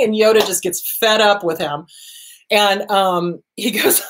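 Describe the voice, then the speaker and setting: A woman's voice: medium pitch, a little slow. A woman hosting a talk show, giving casual therapy advice and acting out inner voices and quotes.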